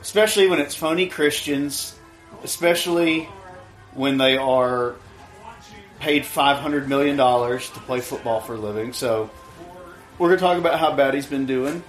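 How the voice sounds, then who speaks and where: A man's voice: medium pitch, soft background music, low-quality recording. A man co-hosting a casual sports podcast, retelling clips and teasing his friend with laughs. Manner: laughs and teases, quick retellings. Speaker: podcast co-host. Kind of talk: casual chat. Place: home studio, watching a game.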